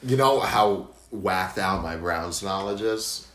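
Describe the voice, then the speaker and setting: A young man co-hosting a casual sports chat, joking and quick with trivia asides. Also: deep voice, a bit bright. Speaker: podcast co-host. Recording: roomy echo.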